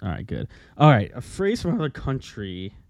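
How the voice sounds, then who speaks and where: A man's voice: medium pitch, sing-song, fairly quick, vocal fry, noisy background. A man co-hosting a casual podcast from home, joking around and swearing freely. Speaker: podcast co-host. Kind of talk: casual chat. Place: home room. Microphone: home podcast mic.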